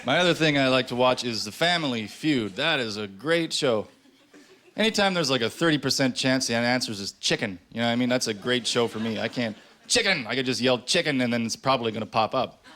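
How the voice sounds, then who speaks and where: A man doing a stand-up comedy set on stage, sarcastic with deadpan asides. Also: mid-range voice, fairly quick. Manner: sarcastic, deadpan asides between acted quotes. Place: comedy stage before a live audience. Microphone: handheld stage mic. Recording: stage mic with audience noise. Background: audience laughter.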